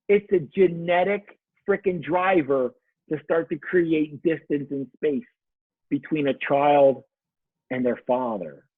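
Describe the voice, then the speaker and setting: A man's voice: a little high, husky, no echo. A male guest coach telling stories in a reflective, casual way and acting out the voices he quotes. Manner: reflective storyteller who acts out quoted voices. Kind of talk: casual podcast conversation. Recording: dry, tinny phone-like line.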